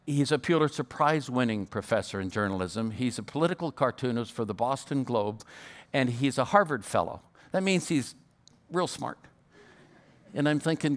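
A man's voice: medium pitch, lively intonation, normal speed. Older man, guest preacher, storytelling sermon, occasional stutter, restarts his phrases. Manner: stutters, repeats words at times.

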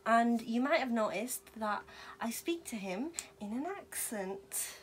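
A woman's voice: a little high, animated, a little slow, a little hiss or hum. A young woman vlogger chatting playfully with her dog, slipping into baby talk and laughing often. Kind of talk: casual chat with her pet.

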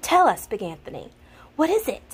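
A kind old village witch, as a woman reads her aloud, gentle and motherly in a storybook. She speaks soothingly and slips in Italian words, her voice high and lively with a wide rise and fall. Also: moderate pace, husky, full character voice.

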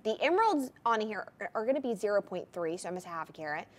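A woman's voice: medium pitch, very animated, quick pace. Gushing woman shopping channel host. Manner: enthusiastic, gushing sales patter. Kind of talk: live TV shopping presentation.

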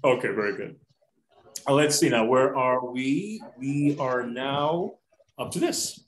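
A man hosting a video-call poetry event, reading verse aloud in a measured, solemn way between brief friendly remarks. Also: medium pitch, echoey room, poor audio.

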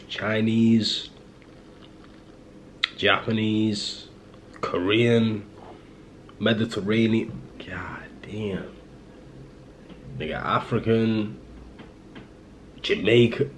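A man's voice: on the low side, steady tone, drawn-out words, long pauses, slight background noise, low-quality recording. A young man from Liverpool chatting to his camera at home in a rambling, self-mocking way, full of fillers and restarts. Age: young adult. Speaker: vlogger. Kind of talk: casual rambling vlog chat. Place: at home indoors.

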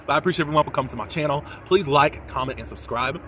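Bright-voiced man reviewing reality TV. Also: rapid-fire, a little hiss or hum. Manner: animated, mimics people in exaggerated high voices. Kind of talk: casual reaction commentary.

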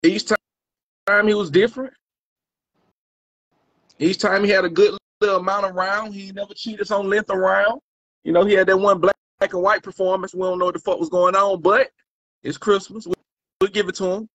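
A man's voice: sits high, little pitch movement, normal speed, long pauses, a bit bright, no room sound, lo-fi sound. A man co-hosting a casual chat reviewing rap battles, loose and slangy, cutting in on his partner. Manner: loose, slangy, talks over his co-host.

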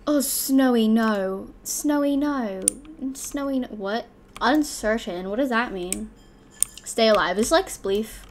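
A young woman chatters through live gameplay commentary, breaking into loud excited yelps and muttering to herself between rounds. Her voice sits a touch high, with a faint hiss of noise underneath. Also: takes it slowly. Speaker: gaming channel host.

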